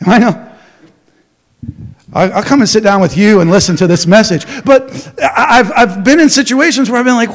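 A man preaching a sermon as pastor, animated, acting out crowd voices, with many restarts. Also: high-pitched, normal speed.

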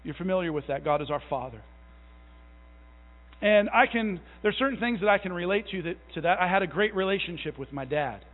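A man in his thirties preaching a conversational sermon, telling folksy stories with self-deprecating asides and building to a slow, fervent conviction. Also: high-pitched, lively intonation. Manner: builds to a louder, slower fervor. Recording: tinny, phone-like sound in a long reverberant hall.

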